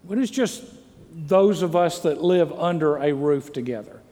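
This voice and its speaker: Earnest preaching pastor in a reverberant church. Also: male voice, fairly high pitch, unhurried, warm tone. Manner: earnest, repetitive rhetorical questions. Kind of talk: sermon. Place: church sanctuary. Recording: long hall reverb. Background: congregation calls amen.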